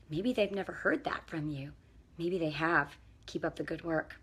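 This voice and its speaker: A woman's voice: deep voice, moderate pace, fairly bright tone, slightly rough. Earnest middle-aged woman giving parenting advice. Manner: earnest and encouraging, checks in with the viewer. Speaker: parenting coach and counselor. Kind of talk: casual faith-based advice talk to camera.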